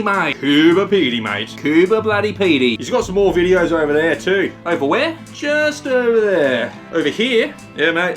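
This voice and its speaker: A man's voice: sits high, a bit bright, voice pushed up. A man voicing cheerful, bantering Australian blokes with a broad Australian accent, talking slangy and sing-song. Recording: guitar music behind.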